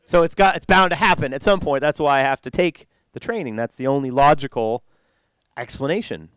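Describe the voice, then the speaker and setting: A man's voice: a little high, lively intonation, brisk, a bit bright, clean tone, no echo. A young man doing stand-up at a conference, rambling and interrupting himself as he laughs at his own jokes. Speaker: stand-up comedian. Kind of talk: stand-up comedy. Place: conference stage.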